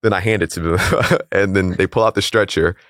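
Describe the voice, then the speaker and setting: A man, an interview guest, calmly retelling a personal story and acting out what people said to him. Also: sits low, no echo, clean studio sound. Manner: calm, measured retelling, acting out quoted voices. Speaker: interview guest, calisthenics league founder.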